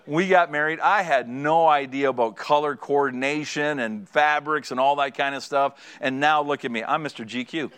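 A man's voice: a little high, normal speed, hardly any pauses, clean tone. A middle-aged man preaching a sermon as a pastor, telling stories with humor and acting out conversations. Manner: animated storytelling, acting out conversations; joking, draws audience laughter.

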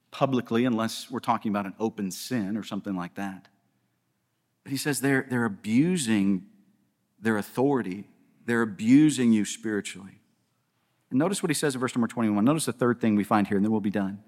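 A man's voice: on the low side, fairly quick, a little mellow. A man preaching a sermon as pastor, emphatic and rhetorical, often checking in with the audience. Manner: emphatic, rhetorical, keeps asking the audience "right?".

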